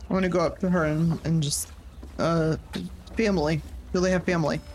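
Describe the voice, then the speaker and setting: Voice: mid-range voice, steady tone, brisk, darkish tone, slight background noise, rough recording. A player in a tabletop game speaking earnestly, with some hesitation. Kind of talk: casual tabletop play.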